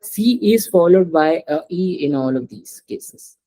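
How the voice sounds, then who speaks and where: A man's voice: a little high, expressive, a little slow, mellow, low-quality recording. A man teaching French in a one-on-one lesson, patiently explaining rules step by step and asking his student to read aloud.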